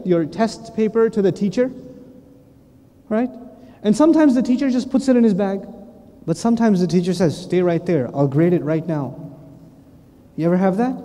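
A lively male Islamic preacher and teacher delivers an animated, playful sermon, acting out voices in his quotes. His pitch is extremely high, and the large hall gives a long reverb.

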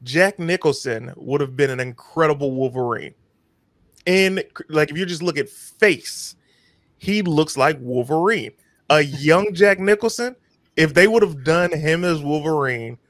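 Quick-talking man in a dry-sounding podcast. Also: on the high side, fairly bright tone, no room sound. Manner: quick, enthusiastic storytelling. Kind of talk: casual podcast chat.

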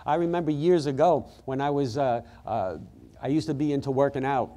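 A man's voice: medium pitch, fairly quick, warm tone. A man preaching a fervent sermon as the church's pastor, with frequent exclamations of praise.

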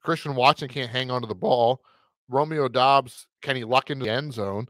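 A man's voice: mid-range voice, moderate pace, a bit bright, no room sound. Rambling podcast guy, dry close sound. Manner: rambling, self-correcting, wry. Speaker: podcast co-host. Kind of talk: casual fantasy football chat.

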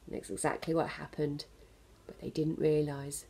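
A woman at a children's centre reading a picture book aloud to young children, pausing to explain the story gently. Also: low-pitched, level tone, vocal fry, slight background noise.

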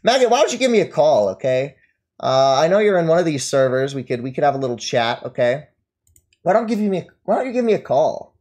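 A man's voice: on the high side, sing-song, a little fast, a little mellow. A man ranting at his live stream chat, mocking and taunting his target and laughing at them. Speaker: streamer reading and answering chat.

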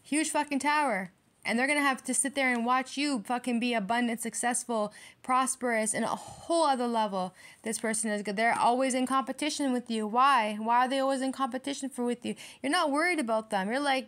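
A woman's voice: a little high, brisk, fairly bright tone. Brash, swearing woman reading tarot. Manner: brash, profane, emphatic, lots of swearing. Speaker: tarot reader.

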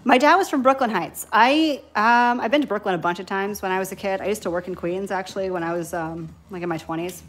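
A woman's voice: medium pitch, fast talker, few pauses. A woman in her thirties with a New York accent, chatting on a live stream while painting nail swatches, a little tipsy from wine and easily distracted. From New York, Long Island. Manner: chatty, scattered, giggly. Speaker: nail beauty YouTuber.

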